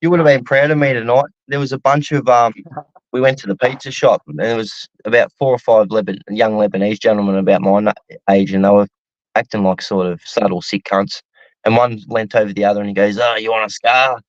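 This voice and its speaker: A man's voice: on the low side, fairly even intonation, a little fast, no echo, highs cut off. An Australian man in casual online chat, telling a story with energy.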